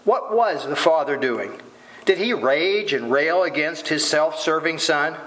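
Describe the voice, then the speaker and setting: A man's voice: a little high, expressive, measured pace, fairly bright tone, poor audio. A man preaching a sermon, asking rhetorical questions and voicing quoted lines dramatically.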